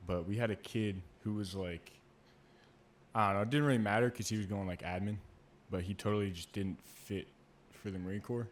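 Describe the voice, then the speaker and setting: Male podcast host, relaxed and conversational, slightly low pitch. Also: fairly quick, slight background noise. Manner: relaxed and casual, with fillers. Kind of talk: casual chat.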